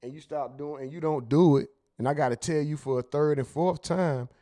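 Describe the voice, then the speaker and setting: Male host with a high voice; blunt, cursing, emphatic commentary. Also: brisk, mellow. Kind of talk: casual commentary.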